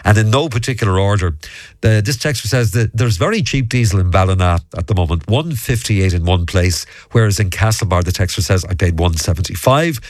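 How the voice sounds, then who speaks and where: A man's voice: deep voice, animated, fairly quick, dry recording. A man hosting a local radio show, chatting easily and reading out listener texts. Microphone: studio mic.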